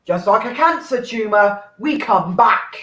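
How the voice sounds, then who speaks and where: A man's voice: high voice, expressive, a little slow, bright, forceful tone. A man hosting an online comedy show, chatting casually in a sweary, self-mocking way. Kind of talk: casual live-stream banter. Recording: roomy dull home mic with faint noise.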